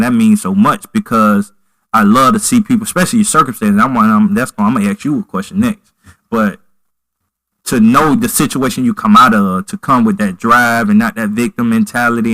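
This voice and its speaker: A man with a fairly low voice hosts a casual podcast chat. He rambles warmly and loosely, leaning on fillers like "you know" and "man." The sound is dry and close. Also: dry recording, rough recording.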